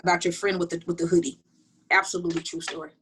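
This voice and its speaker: A middle-aged woman telling personal stories in an interview, talking quickly and animatedly with many restarts. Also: on the low side, a little hiss or hum. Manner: fast, animated storytelling with frequent restarts. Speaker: interview guest. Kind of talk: candid personal storytelling.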